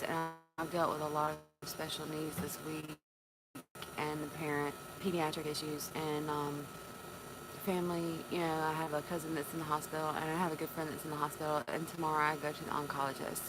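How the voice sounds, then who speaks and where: A woman from North Carolina, chatting tearfully on a live stream, halting and repeating her words. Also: sits low, level tone. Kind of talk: emotional live-stream chat. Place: on a porch. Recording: noisy background.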